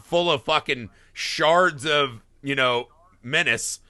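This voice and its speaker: A man in his thirties with a fairly high voice speaks slowly, with no echo, while co-hosting a film podcast. He's casual, animated and heavily profane, acting out scenes in quoted voices.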